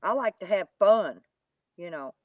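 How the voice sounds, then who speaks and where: A woman's voice: medium pitch, expressive, unhurried, a little mellow, no room sound, lo-fi sound. A woman, chatting casually to live viewers in a rambling, folksy, mocking way. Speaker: YouTube live streamer.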